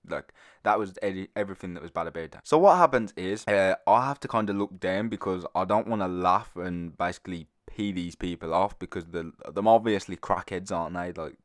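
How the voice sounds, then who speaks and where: A teenage man, hosting a storytime video in a rambling, animated, casual way. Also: sits low, fairly quick, no room sound, studio quality. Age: teens. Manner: rambling, animated, with frequent fillers. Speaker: storytime channel host.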